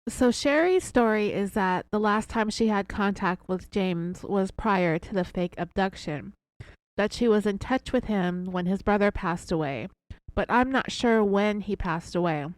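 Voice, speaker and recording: A woman hosting a podcast, retelling a true crime case in a measured way with her own asides. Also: medium pitch, no echo. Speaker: podcast host.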